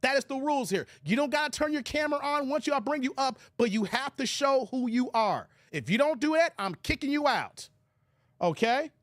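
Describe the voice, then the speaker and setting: A man from the United States, hosting a casual live stream and talking straight to his chat, with animated bursts and laughter. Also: very high-pitched, brisk, dry recording, clean studio sound.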